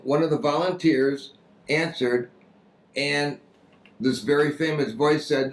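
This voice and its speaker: A man giving a talk on fundraising, telling an anecdote in a lively, story-like way. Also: fairly high pitch, slow pace, pauses often, roomy sound, rough recording. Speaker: speaker on fundraising.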